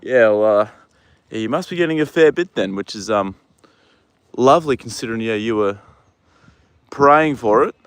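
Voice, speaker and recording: A young man from New Zealand talks casually on a livestream from a horse paddock, his voice sitting at an everyday middle pitch. He is relaxed and chatty, drops the odd swear word, and softens to coo at his horse between viewer comments. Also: normal speed, long pauses, clear, resonant tone, no room sound.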